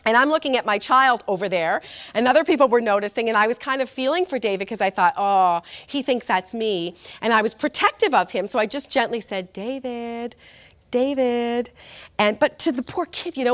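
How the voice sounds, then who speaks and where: A woman's voice: on the high side, fairly bright tone. A woman giving an earnest sermon-style talk with stories, speaking straight to her listeners and repeating key phrases for emphasis. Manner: earnest, addresses the audience directly as "you guys".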